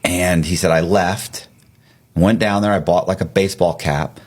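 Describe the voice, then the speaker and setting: A man telling a story in a casual, animated way, acting out the quotes with big jumps in his voice. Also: sits low, moderate pace.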